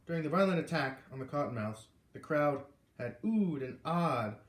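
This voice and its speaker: A man reading a chapter of a novel aloud in an even, measured storytelling manner. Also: on the high side. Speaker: reader. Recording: roomy echo.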